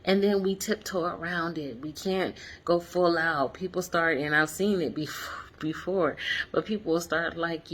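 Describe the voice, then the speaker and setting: A woman in her forties chatting earnestly to viewers from a hotel room, telling a personal story with lots of fillers. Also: deep voice. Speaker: vlogger. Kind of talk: casual reflective vlog.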